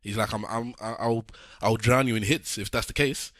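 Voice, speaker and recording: A man co-hosting a podcast, trading quick teasing banter. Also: fairly low pitch, steady tone, a bit bright, dry recording, studio quality. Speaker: podcast co-host. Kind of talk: casual chat.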